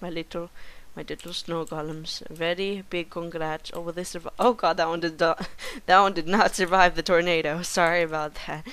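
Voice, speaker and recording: Playful lower-voiced woman commenting on a game. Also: moderate pace. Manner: playful, jokes with game creatures, bursts into excited yelling. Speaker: gameplay commentator. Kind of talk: casual gameplay commentary.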